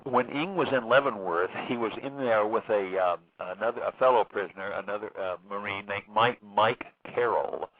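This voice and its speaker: A man speaking as an author guest in a phone interview, halting, with many fillers and restarts. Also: on the low side, no room sound. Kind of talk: phone interview recounting a case. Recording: tinny phone line.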